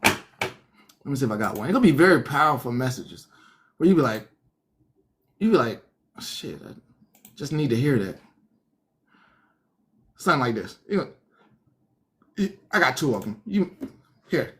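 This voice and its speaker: A man preaching casually on a livestream, animated and laughing often, acting out other people's thoughts in whispers. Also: medium pitch, normal speed, pauses often. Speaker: online pastor.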